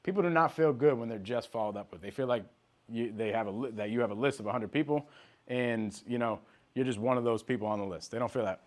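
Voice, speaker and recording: Male sales coach, mid-pitched voice, direct and punchy delivery for a live training session. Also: fast talker. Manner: direct, emphatic, talks straight to trainees by name.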